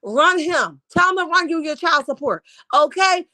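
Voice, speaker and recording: A woman rants in a sassy, scolding way while reading comments on a live stream. Her voice sits high and is wearing hoarse. The sound is dry and close, with no room echo. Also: lively intonation, moderate pace, bright, forceful tone. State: losing her voice. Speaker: YouTube commentary host.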